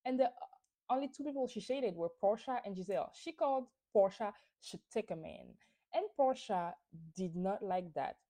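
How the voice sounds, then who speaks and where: Here a woman with a medium-pitched, mellow, expressive voice hosts a podcast at normal speed. Recapping a reality show, she stays casual and gossipy, voicing strong opinions and using many fillers.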